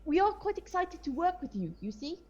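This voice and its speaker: A woman with a high, lively voice plays a tabletop game. She speaks in character in an earnest, cheerful way, and her pitch moves a lot. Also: a little fast, muffled recording. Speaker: player.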